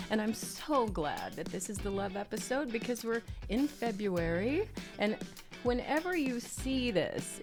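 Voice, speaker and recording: A woman with a Southern US accent, hosting a tarot podcast in a chatty, playful way with sing-song asides. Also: mid-range voice. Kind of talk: casual chat with tarot reading.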